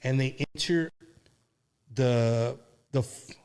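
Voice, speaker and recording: A man from Texas hosting a podcast interview, excitable and slangy, mixing in Spanish phrases. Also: mid-range voice, slow pace, clean tone. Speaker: podcast host. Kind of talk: casual interview.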